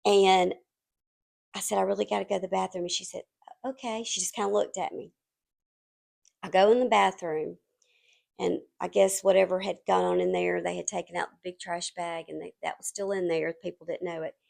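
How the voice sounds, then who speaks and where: Gravelly woman in her fifties. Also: lowish voice, normal speed. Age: 50s. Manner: rambling, confiding, animated. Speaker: home vlogger. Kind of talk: chatty storytelling to camera.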